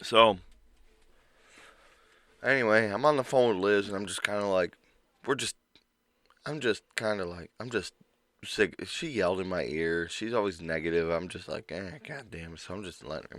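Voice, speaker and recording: A man's voice: low-pitched, normal speed, long pauses, fairly bright tone, no echo. A young man co-hosting a casual podcast, telling a work story full of swearing and acted-out quotes. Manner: profane, storytelling, mimics others. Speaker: podcast co-host.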